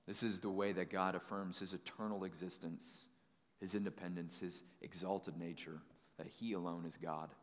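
A man's voice: sits low, flat delivery, moderate pace, in a large hall. A man preaching a sermon in a conversational, folksy way, retelling scripture in everyday words.

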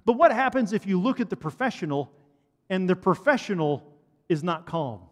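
A man preaching a sermon to a congregation, animated and asking the listeners questions. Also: high voice, moderate pace. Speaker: pastor. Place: church hall. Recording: long hall reverb.

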